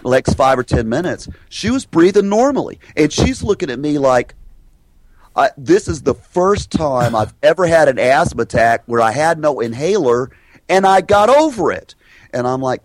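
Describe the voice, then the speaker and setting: A middle-aged man, a hypnosis trainer and guest, telling stories in an animated way and acting out the voices of the people in them. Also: medium pitch, moderate pace. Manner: lively, acts out the voices of people in his stories. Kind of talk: animated storytelling in a podcast interview.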